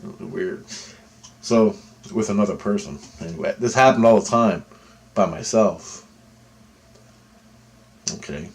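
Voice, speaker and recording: A man's voice: lowish voice, a little slow, long pauses, husky. A man vlogging a personal story to camera in a loose, rambling way, full of asides.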